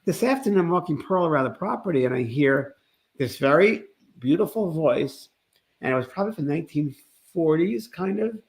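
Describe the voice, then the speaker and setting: This man co-hosts a spiritual talk show, and he's also a medium. His voice is a little high, animated and brisk, and he speaks earnestly but rambles with restarts, sounding slightly sick.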